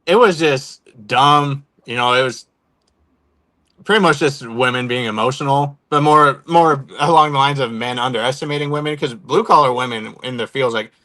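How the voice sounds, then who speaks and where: A man's voice: medium pitch, normal speed, sharp tone. A man from Oregon, a guest on a podcast, talking in an easygoing, laid-back casual chat. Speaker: guest, content creator.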